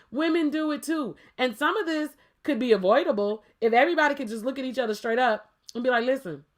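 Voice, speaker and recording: High bright emphatic woman. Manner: emphatic, playful, fires rhetorical questions. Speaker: podcast co-host. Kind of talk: casual debate chat.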